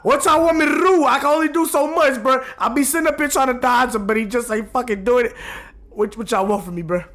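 High-voiced excitable gamer man. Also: quick pace. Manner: excitable, profane, talks to the game and chat. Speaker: gaming streamer. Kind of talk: live gameplay commentary. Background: game music.

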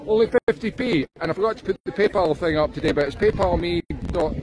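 A man's voice: high-pitched, quick pace, a little mellow, natural voice. A man putting on a cheeky cockney market trader, chatting in salesman patter with jokey asides at an outdoor yard sale, filmed on a phone. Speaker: guest host. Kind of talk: live-streamed comic character sketch. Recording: distorted phone audio, crowd outdoors.

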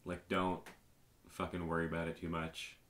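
A man's voice: deep voice, completely flat delivery, normal speed, a bit bright, slight background noise. A man co-hosting a film podcast, talking loosely and rambling, with casual swearing. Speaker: podcast co-host.

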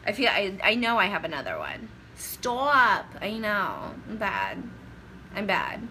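With wildly swooping pitch in a mid-range voice, a young woman chats unhurriedly on a phone livestream, her sharp tone carrying through a rambling, sidetracked flow of advice for viewers. The low-quality phone-camera recording has a faint hiss or hum.

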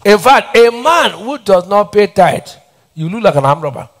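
In a church hall, a middle-aged Nigerian pastor preaches with a high, sing-song voice that is a bit bright and moves at a moderate pace. He repeats lines and throws questions back to the congregation in call-and-response fashion.

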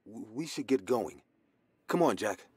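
A man voicing a cautious young village boy in an animated horror story, with a husky tone. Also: low voice, normal speed, slight background noise. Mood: worried.

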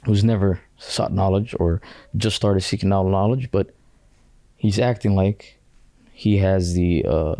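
A man's voice: low voice, measured pace, dark tone, dry recording. A man speaking as a guest scholar on a podcast, talking bluntly in casual slang and dropping in Arabic quotes. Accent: British.

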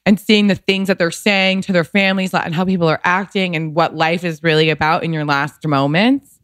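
A woman's voice: lowish voice, fairly even intonation, fairly quick, fairly bright tone, no echo, studio quality. A woman in her thirties, a podcast guest, telling a personal story candidly, emotional and rambling, saying "like" often. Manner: emotional, rambling, heavy use of "like".

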